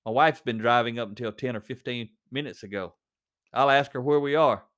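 A man's voice: mid-range voice, brisk, fairly bright tone, close to an everyday voice. A man voicing an absent-minded husband in a read-aloud story, puzzled and impatient. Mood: confused.

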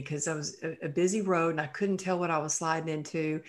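A woman's voice: on the low side, fairly quick. A woman guest on a podcast, candidly retelling a personal story in vivid detail, with frequent "you know" and "um".

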